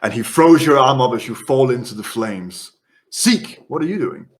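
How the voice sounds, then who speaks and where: A man running a horror tabletop game as game master, narrating scenes in quick descriptive bursts. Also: mid-range voice, expressive.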